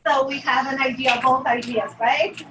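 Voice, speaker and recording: A high-voiced woman presents to parents in a loose, chatty way, often laughing at herself. She is picked up from across an echoey hall. A faint noise runs underneath. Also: steady tone, normal speed, recorded from a distance. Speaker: conference presenter. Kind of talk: casual talk to an audience. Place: conference hall with an audience.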